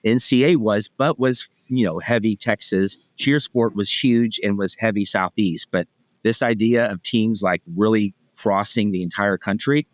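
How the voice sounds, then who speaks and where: Low-voiced upbeat man guest. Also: normal speed, dry recording. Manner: upbeat, talkative, frequent restarts. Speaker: podcast guest, event executive. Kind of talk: casual interview chat.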